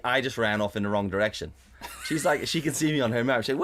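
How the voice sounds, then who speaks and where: A man co-hosting a podcast, telling a story in casual chat on a condenser studio mic, animated and swearing often, mimicking his partner in a raised voice. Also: mid-range voice, a little fast, a little hiss or hum. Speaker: podcast co-host.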